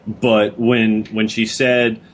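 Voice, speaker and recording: A man co-hosting a podcast in casual chat about a video game, halting and laughing as he talks. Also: on the low side, little pitch movement, slight background noise. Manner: halting, laughing, lots of fillers. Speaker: podcast co-host.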